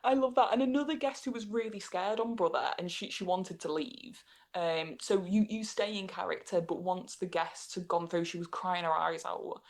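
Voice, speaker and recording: A woman's voice: lowish voice, moderate pace. A young woman, chatting as an interview guest and telling funny work stories with a lot of laughter. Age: young adult. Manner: animated, laughs often while telling stories. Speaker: interview guest, scare actor. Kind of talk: casual chat, storytelling.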